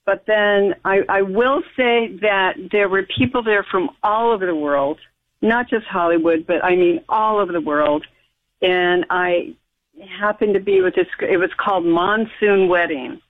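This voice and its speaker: A woman's voice: mid-range voice, a little slow. An American woman, a guest, recounting a personal story in conversation, emphatic and rambling with frequent restarts. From United States. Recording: tinny phone-line audio.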